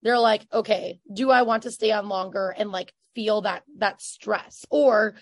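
A woman in her thirties hosting a casual podcast interview, chatty and effusive, with lots of fillers and quick bursts of speech. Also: medium pitch, fairly even intonation, no echo. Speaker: podcast host and business coach.

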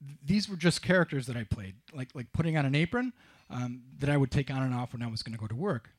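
A middle-aged man telling a wry, self-mocking personal story on stage, with halting restarts. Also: mid-range voice, expressive. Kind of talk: live storytelling.

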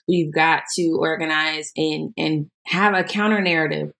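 A woman guest on a podcast answering questions in a measured, emphatic way, repeating words for stress. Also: deep voice, fairly even intonation, vocal fry, fairly bright tone. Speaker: podcast guest, education leader. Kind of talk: earnest interview answers.

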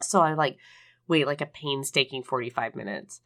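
A woman co-hosting a podcast. She is sick and her voice sits lower than usual, and she tells stories in a casual, animated way, acting out the quoted voices. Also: moderate pace. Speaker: podcast co-host. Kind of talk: casual storytelling chat.

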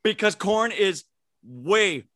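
Brief: man, podcast co-host, bright and very animated, dry close sound, swears freely. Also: slow pace, dry recording. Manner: mock-outraged teasing, swears, big pitch swings. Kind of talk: casual podcast banter.

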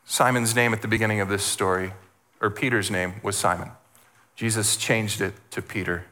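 A man preaching as a guest speaker, animated, repeating words and acting out the voices he quotes. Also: fairly low pitch, normal speed. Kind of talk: sermon.

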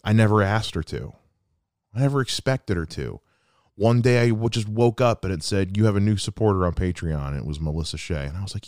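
A man's voice: fairly low pitch, animated, fast, a little mellow, no room sound. A man in his thirties hosting a solo podcast, talking earnestly and reflectively about someone close to him. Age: 30s. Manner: earnest and reflective, with quoted asides. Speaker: podcast host. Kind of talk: heartfelt solo podcast monologue.

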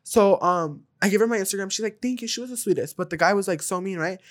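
Animated young woman telling wild stories. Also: mid-range voice, quick pace. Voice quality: animated, swears freely, acts out quotes. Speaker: podcast guest. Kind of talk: casual storytelling.

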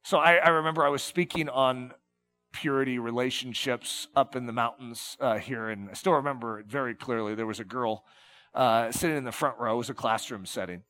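A man preaching a sermon to a gathered congregation, earnest and shifting between soft, tender passages and emphatic ones. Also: mid-range voice, fairly quick.

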